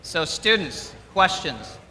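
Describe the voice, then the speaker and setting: A man's voice: fairly high pitch, sing-song, takes it slowly, bright, forceful tone. A middle-aged man giving an upbeat, emphatic motivational speech to students at a school, repeating his key words. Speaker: donor addressing students. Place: school hall, audience present. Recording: echoey hall, faint room noise.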